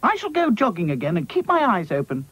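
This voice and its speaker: A man voicing Dotty, an energetic, bossy female rag doll who jogs, speaking in a brisk, encouraging way. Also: high voice, breathy edge, dry recording, voice pushed up, heavily acted.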